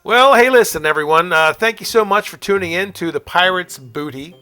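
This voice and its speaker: A man's voice: sits high, brisk, hardly any pauses, bright, forceful tone, soft background music. A man hosting a call-in aftershow podcast, talking in a chatty, upbeat, rambling way with fillers and laughs between calls and sponsor reads. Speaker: podcast host taking phone calls. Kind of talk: casual radio-style chat and sponsor reads.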